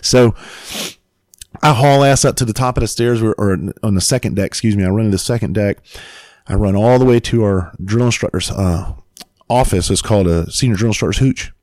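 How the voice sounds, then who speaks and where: Deep-voiced dude telling a wild story, swears a lot, super dry close sound. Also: male voice, brisk, no echo. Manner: profane, animated storyteller. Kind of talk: casual storytelling.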